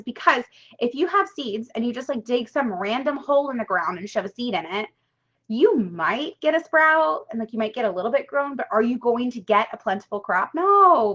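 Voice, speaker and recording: Woman, money coach on a live stream; slightly high, talkative, punchy and emphatic, swears casually; muffled lo-fi stream sound. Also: bright, forceful tone. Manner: chatty and emphatic, with frequent "right?" and casual swearing. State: tearful at times. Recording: dull lo-fi live-stream audio.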